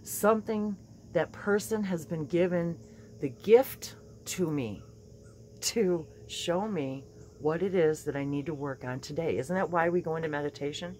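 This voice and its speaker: A low-pitched woman talks in a casual, chatty way about spiritual practice. Her morning voice is a little hoarse, and she laughs often between her points. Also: unhurried, a little hiss or hum. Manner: warm, chatty, laughs often, many fillers and restarts. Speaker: spiritual channeler and teacher.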